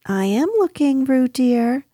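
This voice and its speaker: A woman's voice: fairly high pitch, animated, slow pace, warm tone, slightly rough, dry recording, clean studio sound, heavily acted. A woman voicing a motherly female kangaroo in a storybook reading, soothing but firm.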